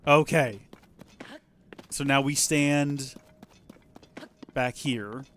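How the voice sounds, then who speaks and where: A man streams a video game in a medium-pitched, expressive voice at a normal speed, with slight background noise. He chats casually and playfully with himself, the game, and his viewers, tossing in jokey asides as casual let's play commentary.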